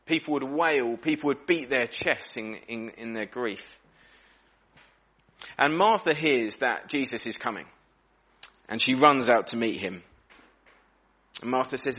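Male preacher, mid pitch, earnest sermon delivery, shifts pace and volume to stress points. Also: a little slow, long pauses, pushed and bright. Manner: earnest, reflective, varies pace and volume for emphasis. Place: church.

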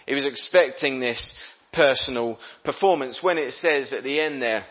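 Conversational preacher, slightly muffled. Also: male voice, mid-range voice, normal speed. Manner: conversational, voices characters' thoughts. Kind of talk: sermon with Bible reading.

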